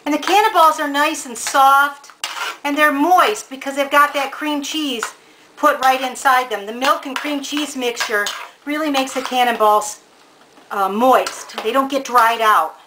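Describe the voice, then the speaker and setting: A woman's voice: sits high, unhurried, noisy background. A woman giving a casual cooking demonstration in a home kitchen, chatty and homey, talking straight to the viewer. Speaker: home cook presenting a recipe.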